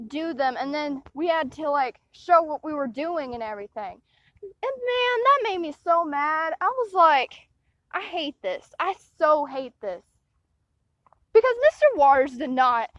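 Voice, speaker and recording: A woman's voice: high-pitched, no echo. A young woman telling a rambling personal story to the camera, often restarting her sentences and getting indignant. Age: young adult. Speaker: vlogger. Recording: dull, muffled lo-fi sound.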